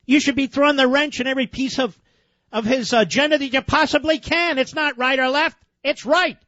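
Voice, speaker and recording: A man's voice: very high voice, a little fast, pushed and bright, no echo. A man hosting a talk radio show, interrupting a played clip with sarcastic, combative commentary. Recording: dull lo-fi radio broadcast.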